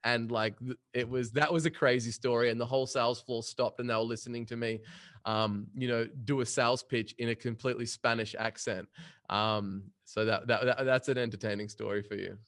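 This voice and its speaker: A man, a podcast guest telling punchy, energetic stories about his career in sales. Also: medium pitch, brisk. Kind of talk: casual storytelling interview.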